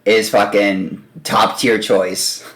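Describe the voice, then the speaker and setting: Slow-talking, excited, swearing male host. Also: lowish voice. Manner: excited, profane. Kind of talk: casual music discussion.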